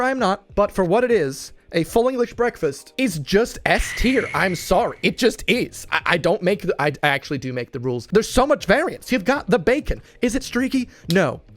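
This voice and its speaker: A young man from the United States giving casual, playful tier-list commentary on food, with joking asides and quick self-corrections. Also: high voice, no echo. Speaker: food vlogger ranking dishes.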